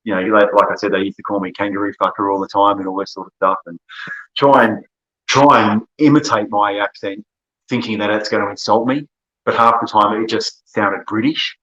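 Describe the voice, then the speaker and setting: A man's voice: on the low side, steady tone, fairly quick, pushed and bright, dull audio. A man with an Australian accent, a podcast guest telling long, rambling stories and laughing often. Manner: rambling storyteller, laughs often, self-corrects. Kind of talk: casual conversation.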